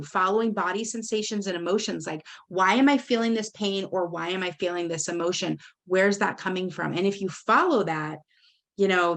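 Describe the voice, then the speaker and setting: A woman podcast host and trauma recovery coach, asking questions and affirming her guest with lots of fillers. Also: lowish voice. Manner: warm, affirming, filler-heavy. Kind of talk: interview questions.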